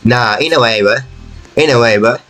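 A man giving casual, excitable gameplay commentary as host of a gaming channel, trash-talking in slang. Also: medium pitch, normal speed. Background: loud game music.

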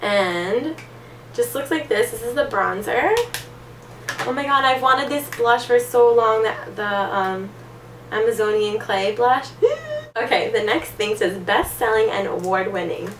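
A young woman unboxing makeup gifts in a casual vlog, excitable and gushing, gasping often. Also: fairly high pitch, unhurried, roomy sound, recorded from a distance, a little hiss or hum. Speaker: beauty vlogger.

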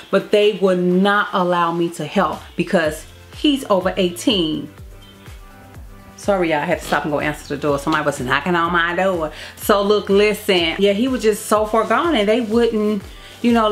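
A woman telling a personal family story to her vlog viewers in a candid, emotional way, often repeating phrases. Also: medium pitch. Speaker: vlogger. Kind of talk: casual storytime to camera.

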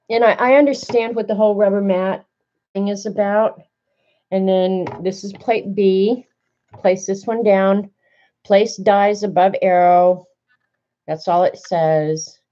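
In her home craft room, a woman demonstrates a die-cutting machine to viewers, chatting, thinking out loud and growing flustered. Her medium-pitched voice is mellow and a little dark, and the recording sounds slightly dull and lo-fi.

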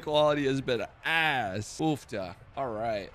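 A young man giving loud, profane, self-mocking commentary while streaming a football video game. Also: mid-range voice, moderate pace, long pauses, a little hiss or hum. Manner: profane, self-mocking trash talk with sudden outbursts. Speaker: gaming streamer. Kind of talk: live gameplay commentary.

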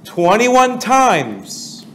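A high-pitched American man teaches a prayer seminar in a slow, deliberate cadence. He keeps the audience engaged with constant questions and lively prompts, under a faint hiss of background noise. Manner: energetic, asks the audience many questions. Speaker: pastor leading a prayer seminar.

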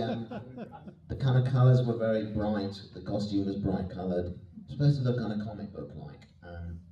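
A man's voice: on the low side, mellow. A man telling chatty, self-deprecating stories as the guest actor on a convention panel, laughing often. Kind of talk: anecdotal panel Q&A. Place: convention hall. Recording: echoey hall, mic at a distance.

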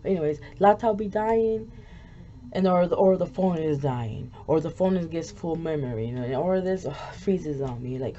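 A woman vlogger talks casually as she crafts, quick to get frustrated and swearing often. Her voice is mellow and warm. Faint noise sits in the background. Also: sits low, expressive, dull audio. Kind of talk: casual craft vlog chat.

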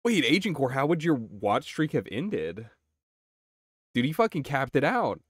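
A young man chatting casually on his game live stream, excitable, swearing and reacting to chat. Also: medium pitch, a little slow, breathy edge, no room sound, clean studio sound.

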